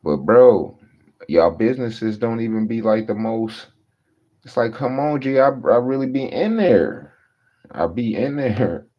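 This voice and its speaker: A podcast host with a medium-pitched voice launches into a casual ranting monologue, animated yet measured in pace. Loaded with slang and profanity, his exasperated stories unspool in a loose, storytelling flow. The recording sounds dull and lo-fi.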